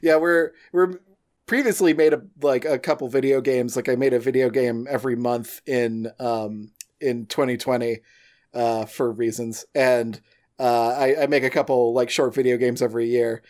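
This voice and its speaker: A man at an ordinary middle pitch speaks as a guest on a casual podcast. His talk is loose and rambling, circling back and restarting his sentences as he goes. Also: fairly even intonation, normal speed, a little mellow. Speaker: podcast guest, game designer.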